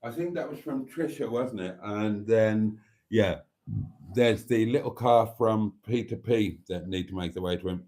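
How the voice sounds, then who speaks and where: Rambling, mellow-voiced man hosting a live stream. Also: fairly low pitch, measured pace. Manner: rambling, chatty, laughs easily. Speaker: channel host. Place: motorhome.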